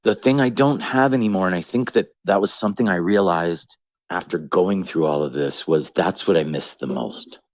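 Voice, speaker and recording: Low-voiced middle-aged male comedian, candid and rambling, dry dull recording. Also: normal speed, dry recording. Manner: reflective, rambling, acts out quoted voices. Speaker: comedian guest. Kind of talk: candid podcast conversation.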